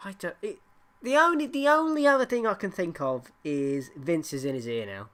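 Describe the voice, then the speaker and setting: A woman co-hosting a podcast, talking in a casual, halting way, blunt and sweary, often restarting her sentences. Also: on the low side, expressive, fairly bright tone. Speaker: podcast co-host. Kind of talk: casual chat.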